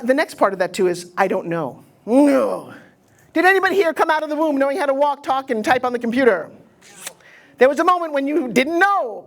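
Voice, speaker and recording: A middle-aged American woman giving a live motivational seminar on pitching to an audience, blunt and punchy in delivery. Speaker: motivational speaker teaching pitching.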